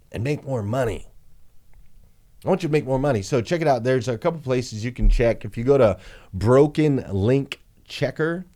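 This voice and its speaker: Brief: male dealership coach, mid-pitched voice, punchy and emphatic, repeats points for effect. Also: dark tone. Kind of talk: motivational business training talk.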